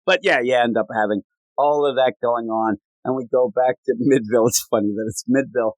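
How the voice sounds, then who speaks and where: A man hosting a comics podcast in casual chat, retelling stories with animated comic voices for the characters. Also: mid-range voice, brisk, dry recording. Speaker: podcast host reviewing comics.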